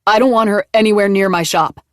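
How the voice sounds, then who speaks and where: A woman voicing an angry, hot-tempered man who shouts indignant outbursts in an audiobook. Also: mid-range voice, moderate pace, no room sound, clean studio sound, close to an everyday voice.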